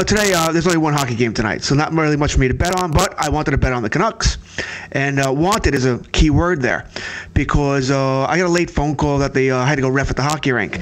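With a fairly high-pitched voice, this man, a sports betting analyst, spins a lively, casual story that's full of "uh" and other fillers. A slight hiss or hum sits under the recording.

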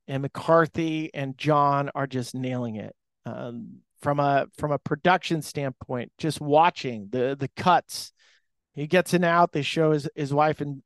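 A baseball podcast host rambles casually through a sports monologue, restarting himself and using lots of fillers, while sitting at an airport restaurant bar. The high-ish male voice sounds clean, with no echo.

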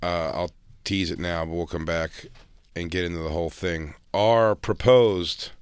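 A man's voice: deep voice, fairly even intonation, a little slow, clean tone, no echo. A man co-hosting a radio show in a studio, talking casually and cracking blunt, profane jokes. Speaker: podcast co-host. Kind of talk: casual comedic chat.

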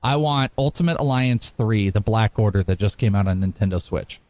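A man co-hosting a podcast in casual banter, animated and joking, often laughing. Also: on the low side, moderate pace, dry recording. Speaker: podcast co-host.

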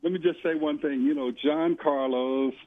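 A man calling in as a guest on a radio show, chatting in a lively, folksy way. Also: on the high side, normal speed, dry recording. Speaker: guest caller. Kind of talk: casual on-air chat. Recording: tinny phone line, dry.

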